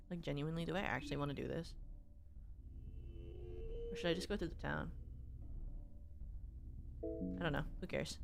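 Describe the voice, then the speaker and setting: A woman's voice: low-pitched, vocal fry. A young woman streaming a horror game, chatting to herself in a self-mocking, rambling way. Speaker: gaming streamer. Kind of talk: casual let's-play chat.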